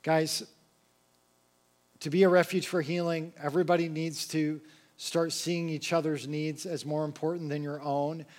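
A young man preaching a sermon in a casual, conversational way, slipping into lively acted quotes. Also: fairly high pitch, moderate pace. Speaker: pastor.

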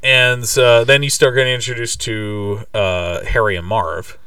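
A man's voice: medium pitch, flat delivery, pushed and bright, clear, resonant tone, no echo. Chatty man, mic a bit distant. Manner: chatty, playful, retells scenes with quick impressions. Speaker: podcast co-host. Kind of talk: casual movie recap chat.

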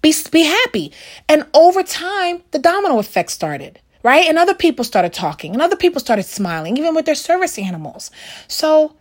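A middle-aged woman shares a casual Christian devotional, talking in an animated, conversational way. Her voice sits a little high, and she fills her talk with "you know" and quick acted-out quotes.

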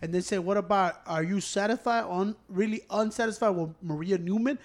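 A man from the United States telling a profane, animated story in casual chat with friends, switching between English and Spanish. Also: high voice, fairly quick.

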